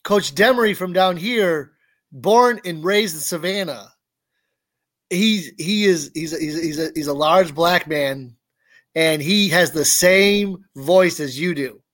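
A man with a notably high voice chats on a podcast co-host mic. He talks quickly and loosely, circling back over his words as he makes a point. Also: a bit bright. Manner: quick, chatty, repeats himself. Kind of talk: casual podcast chat.

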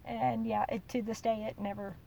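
A woman, hosting a podcast and telling a story in a chatty, animated way. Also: fairly high pitch, normal speed, vocal fry, far from the mic, a little hiss or hum, poor audio. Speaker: podcast host. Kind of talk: casual storytelling.

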